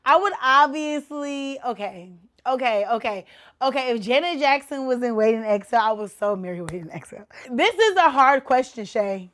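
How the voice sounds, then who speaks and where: A woman hosting her own podcast in casual chat, animated and a little tipsy, with loud exclamations and slang. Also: high-pitched, normal speed. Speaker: podcast host.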